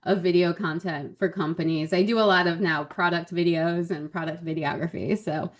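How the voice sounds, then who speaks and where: A woman comedian as a podcast guest, telling stories in a chatty, animated way with frequent laughs. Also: on the low side, normal speed. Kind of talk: casual podcast chat.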